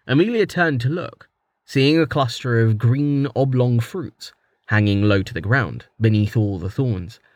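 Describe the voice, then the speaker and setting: A man narrating a fantasy story in a steady, even storytelling manner. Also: mid-range voice, unhurried, no echo. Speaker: audiobook narrator.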